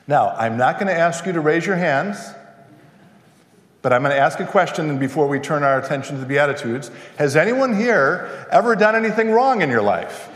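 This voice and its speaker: A man preaches to his congregation in a relaxed, conversational way, breaking off for asides and questions. His voice sits a little on the high side. The sound carries the long echo of a church sanctuary. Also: fairly quick. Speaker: pastor. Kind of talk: conversational sermon. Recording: echoey church with long reverb.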